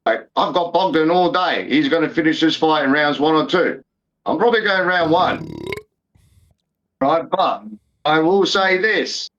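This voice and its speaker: A man in his fifties, co-hosting a fight podcast, speaks with a fairly high, fairly bright voice at a measured pace. His casual sports banter comes in emphatic, repetitive bursts, and he swears freely. The recording has a dull, lo-fi quality.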